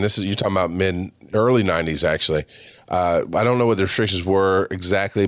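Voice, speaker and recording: As a podcast host, a man in his forties with a low voice tells a casual, profane story about his friends, animatedly acting out their lines. The recording is clean studio sound with no echo.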